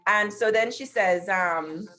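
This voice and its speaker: A woman's voice: medium pitch, slow, sharp tone. A middle-aged woman hosting a talk show over a video call, telling stories emphatically and speaking straight to her audience. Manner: storytelling, addresses audience directly, emphatic. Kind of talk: casual talk show monologue. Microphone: computer mic on video call.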